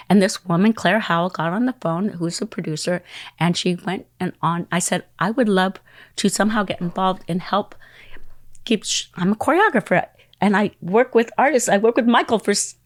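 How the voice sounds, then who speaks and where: Acting out the characters and phone calls in her long story, a middle-aged woman on an interview sometimes drops to a whisper. She speaks in a voice on the low side, and the studio-quality audio carries no room sound.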